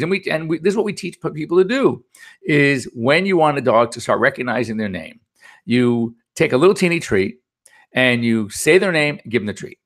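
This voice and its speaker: A man's voice: medium pitch, vocal fry, a bit bright. A middle-aged man hosting a pet radio show as a veterinarian, talking in a chatty, anecdotal, upbeat way. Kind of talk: casual chat.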